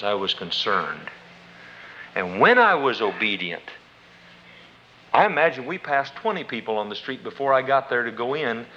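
A man's voice: medium pitch, bright, forceful tone. A man preaching a sermon, telling a personal story in a folksy, conversational way and acting out both sides of the dialogue. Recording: dull lo-fi recording.

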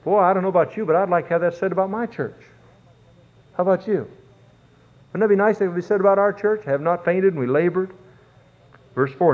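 Man preaching over a tinny line. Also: sits high. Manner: preaching with drawn-out emphatic words and rising fervor. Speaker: pastor. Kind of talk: sermon. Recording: tinny phone-like sound.

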